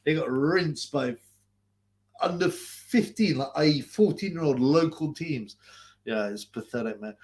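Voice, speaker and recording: A man's voice: fairly high pitch, lively intonation, unhurried, darkish tone. Crude rambling man on a livestream. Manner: crude, rambling, laughs often, repeats himself. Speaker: livestream host. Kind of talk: casual livestream chat reading viewer comments.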